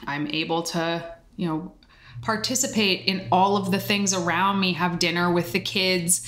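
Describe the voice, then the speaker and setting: Chatty woman podcast co-host, lowish voice. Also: fairly even intonation, moderate pace, fairly bright tone. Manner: chatty, tangent-prone storyteller. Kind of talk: casual podcast chat.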